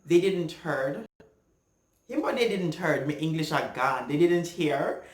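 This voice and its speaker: A Jamaican man tells a personal story, earnest and animated, slipping into patois when upset. His voice sits a little high. The room around him is echoey. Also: a little slow.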